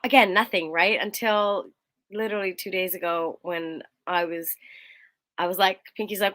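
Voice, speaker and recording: A young woman co-hosting a casual chat, telling a personal story in an animated way and acting out quotes in a higher voice. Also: brisk. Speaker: co-host.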